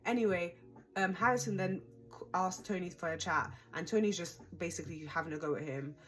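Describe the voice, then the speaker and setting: A woman's voice: fairly low pitch, fairly quick. A young woman casually recapping a reality show, chatty, dramatic and exasperated.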